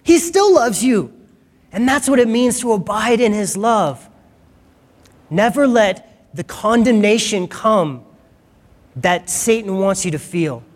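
A man's voice: high-pitched, expressive, takes it slowly, long pauses, long reverb tail. A man preaching a conversational sermon as pastor, asking the congregation questions.

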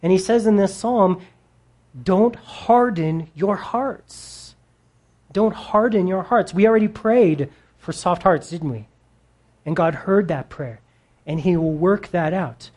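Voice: mid-range voice, a little slow, darkish tone. A preacher giving a sermon in a conversational way, asking the listeners questions and adding wry humorous asides.

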